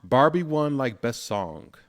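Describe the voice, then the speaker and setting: A young man co-hosting a podcast in relaxed casual chat, rambling with lots of "um"s. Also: medium pitch, slow, no room sound, clean studio sound. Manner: relaxed, rambling, many fillers and restarts. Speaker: podcast co-host.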